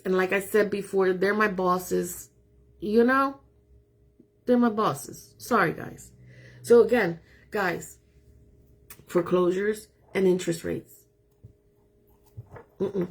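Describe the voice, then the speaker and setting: A woman's voice: mid-range voice, steady tone, slow, vocal fry, pauses often. A middle-aged woman real estate agent talking casually to viewers, emphatic and self-assured. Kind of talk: casual live talk to viewers.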